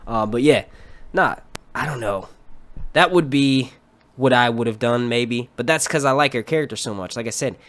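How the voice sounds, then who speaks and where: Young man, live-stream host, casual rant, profane, excitable, rambling asides. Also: medium pitch, moderate pace. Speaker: livestream host reviewing a TV episode.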